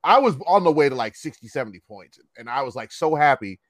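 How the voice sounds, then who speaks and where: A man in casual conversation, telling animated stories about his youth and acting out the people in them. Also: quick pace, dry recording. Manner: animated, acts out quotes with big pitch jumps, swears freely. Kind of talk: casual storytelling chat.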